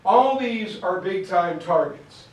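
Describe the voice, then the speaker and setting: A man giving an informal history lecture from a map, telling it as a story, acting out quotes and clearing his throat now and then. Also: high-pitched, lively intonation, takes it slowly, far from the mic, a little hiss or hum. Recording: roomy sound from off-mic.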